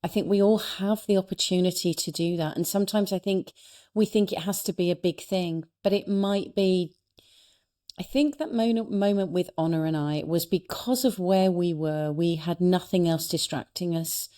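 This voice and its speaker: Earnest low-voiced woman telling a story. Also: fairly even intonation, moderate pace. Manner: warm, earnest storytelling with frequent restarts. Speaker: guest, speaker and coach. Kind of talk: reflective storytelling in a podcast interview.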